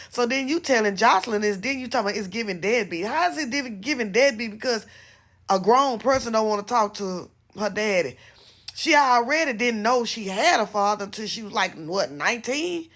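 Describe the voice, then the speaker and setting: A woman's voice: a little high, normal speed, fairly bright tone. Blunt woman ranting about a skit. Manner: blunt, opinionated, rambling with restarts. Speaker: vlogger reacting to a skit. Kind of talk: casual reaction commentary.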